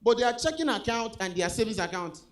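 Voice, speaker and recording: A Nigerian man with a Nigerian accent doing a stand-up comedy set on stage, animated, swinging between loud punchlines and low asides. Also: brisk, slight background noise. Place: comedy club stage with a live audience.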